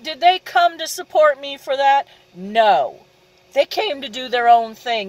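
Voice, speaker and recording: A woman's voice: high-pitched, no room sound, poor audio. A woman ranting angrily straight to her audience, indignant, asking rhetorical questions and repeating "okay?". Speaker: vlogger. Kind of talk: angry direct-to-camera rant.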